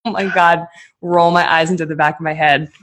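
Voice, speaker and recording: A woman's voice: low-pitched, flat delivery, a little fast, a bit bright. A woman chatting as a podcast guest, speaking casually and saying "like" a lot. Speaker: podcast guest, interviewer of athletes.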